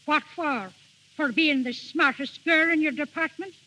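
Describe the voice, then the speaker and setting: A woman's voice: high-pitched, a little slow, pushed and bright, rough recording. An actress playing a strict, scolding older mother in a 1940s radio drama. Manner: scolding, dismissive.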